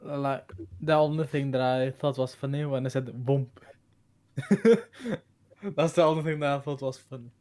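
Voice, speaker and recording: A man with an ordinary-pitched voice chats casually. He swears freely and calls the others "bro" as he complains. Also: steady tone, moderate pace, pauses often, darkish tone.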